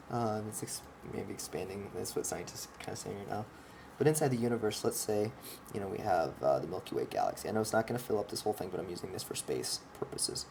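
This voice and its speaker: A vlogger with a fairly low voice and vocal fry explains his ideas over background noise, gesturing at a drawing. He swears, rambles with passion, and keeps restarting his sentences.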